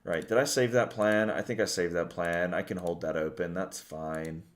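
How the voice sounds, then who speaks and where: A man's voice: sits low, steady tone, normal speed. Tired, rambling streamer man. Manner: rambling and chatty, swears casually. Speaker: game streamer. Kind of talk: casual stream chat with viewers.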